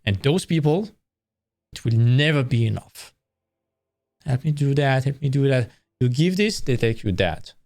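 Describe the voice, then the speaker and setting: A man's voice: mid-range voice, lively intonation, a little slow, a little mellow, no room sound, studio quality. A man giving a casual livestream presentation of career advice, blunt and candid, swearing freely and acting out quoted lines in a raised voice.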